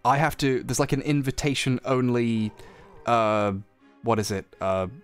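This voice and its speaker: A man's voice: medium pitch, a little slow, smooth, faint music behind. A man with a slight Yorkshire accent streaming a game, tired and joking, laughing often. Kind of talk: casual stream chat.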